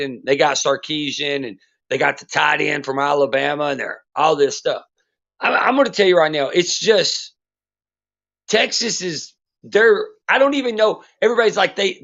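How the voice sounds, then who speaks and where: A man ranting bluntly and profanely as a podcast host, in loose casual talk. His voice sits somewhat high. The recording sounds dull and lo-fi. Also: a bit bright. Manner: profane, blunt sports rant.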